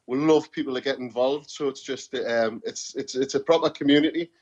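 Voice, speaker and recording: A man's voice: mid-range voice, fairly quick. A man with a Geordie accent chatting as a podcast guest, telling stories animatedly and repeating words as he goes. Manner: animated storyteller, repeats words, says "you know what I mean". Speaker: podcast guest, singer-songwriter. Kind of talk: casual podcast chat.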